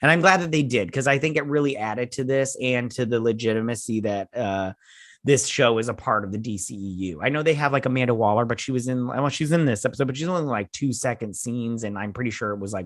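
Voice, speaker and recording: A man hosting a casual recap and review of a show's finale, rambling and excitable, often acting out what the characters say. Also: medium pitch, brisk, no echo, studio quality. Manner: rambling, excitable, with frequent restarts and acted-out quotes. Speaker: host.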